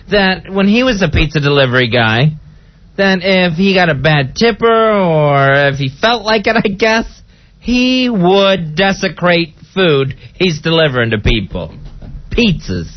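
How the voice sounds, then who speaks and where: Man, radio co-host, high voice, very lively pitch, teasing, playful, dull radio sound. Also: unhurried. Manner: teasing, playful, mock-scolding. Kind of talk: casual radio banter. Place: radio studio.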